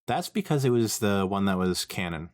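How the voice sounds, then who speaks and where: Give me an animated male podcast co-host with a very expressive pitch. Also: normal speed. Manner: animated, rambling with fillers. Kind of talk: casual chat.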